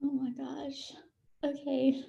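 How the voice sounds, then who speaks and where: A woman host on a video call, speaking softly as though near tears. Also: sits high, level tone, slow pace, vocal fry, muffled recording. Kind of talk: emotional interview reply.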